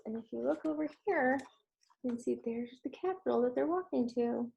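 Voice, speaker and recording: A woman's voice: on the high side, normal speed, creaky, mellow. A woman reading a children's book aloud at a church service, adding chatty asides for her listeners. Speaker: story reader at a church service.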